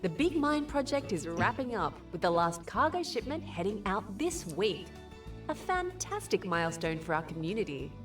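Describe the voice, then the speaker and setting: A woman's voice: mid-range voice, very animated, moderate pace, lightly acted. A woman voicing a cheery radio newsreader. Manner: upbeat, bright sing-song delivery. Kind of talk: scripted radio news read. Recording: distant in-game audio under music.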